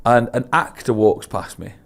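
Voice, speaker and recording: A man co-hosting a casual podcast, telling a story with animated embarrassment. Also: medium pitch, normal speed, creaky. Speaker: podcast co-host.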